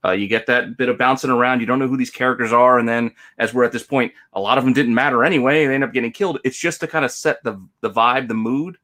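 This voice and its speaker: A man's voice: mid-range voice, fast, hardly any pauses, a bit bright. A man co-hosting a podcast, chatting casually about a book he liked, hesitating and restarting as he thinks. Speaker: podcast co-host. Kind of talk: casual book review chat.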